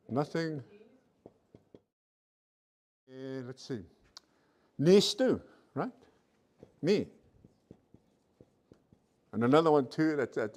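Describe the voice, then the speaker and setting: A man teaching a virtual language class, sounding out letters slowly, repeating each sound and checking in with his students often. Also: on the high side. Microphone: computer mic on a video call.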